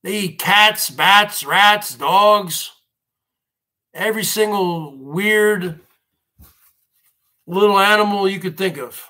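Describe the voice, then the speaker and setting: A man rambles through a livestream monologue in a high, bright, slightly tense voice. He takes his time and drags out his phrases. He keeps repeating himself and turning to his viewers as folks. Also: slow, pauses often. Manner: ranting, repetitive, keeps addressing viewers as folks. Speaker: livestream host.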